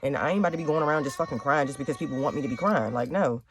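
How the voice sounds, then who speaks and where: Brief: young woman, rapid-fire blunt talk show monologue, cussing and preaching to the camera. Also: extremely low pitch. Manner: blunt, heavy cursing, preachy. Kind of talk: casual monologue to viewers. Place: home with children nearby.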